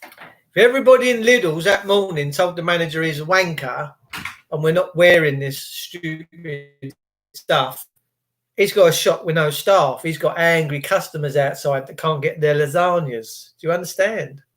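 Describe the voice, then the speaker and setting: A high-pitched man hosts a live stream and rants angrily. He swears freely and mixes sarcasm into his complaints. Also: normal speed, a bit bright. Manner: angry, sweary, sarcastic ranting. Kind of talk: ranting live-stream chat.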